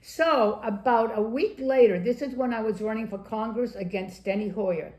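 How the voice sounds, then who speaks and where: An older woman from Maryland, a former political candidate being interviewed, telling anecdotes in a lively storytelling way and acting out the quotes. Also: a little high, moderate pace. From Maryland, USA. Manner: lively raconteur, acts out quotes, laughs often. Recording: echoey room.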